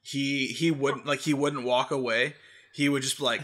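A man's voice: medium pitch, normal speed, crowd noise. A young man in his twenties co-hosting a casual podcast, telling a funny story and laughing as he goes. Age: 20s. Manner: animated, laughs through his stories. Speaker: podcast co-host.

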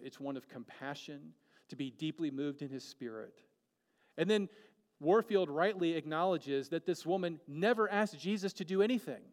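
A man preaching a sermon earnestly, moving between emphatic peaks and hushed, quiet lines. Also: on the high side, long reverb tail.

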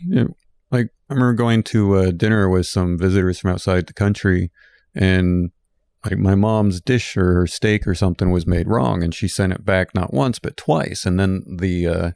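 Deep gravelly man telling a story. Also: moderate pace, darkish tone, no echo. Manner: loose, rambling storytelling. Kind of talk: casual chat.

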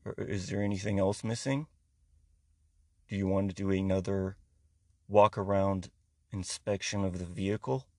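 A man voicing a prim, overly polite male car appraiser who speaks softly and carefully. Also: deep voice, level tone, normal speed, long pauses, no room sound, clean studio sound, voice pushed down. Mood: meek politeness.

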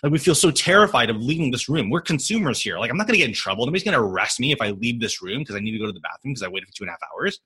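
A physical therapist in his thirties, whose first language isn't English, chats casually on a podcast in English. He is animated, uses many fillers and restarts, and laughs readily, with a slightly rough, mid-range voice.

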